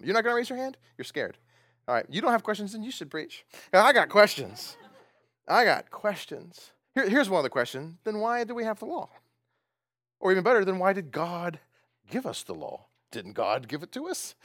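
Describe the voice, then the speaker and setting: A man's voice: high voice, very animated, a little fast, fairly bright tone, no room sound, clean studio sound. A man preaching a sermon, asking his congregation questions and laughing often as he talks. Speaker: pastor.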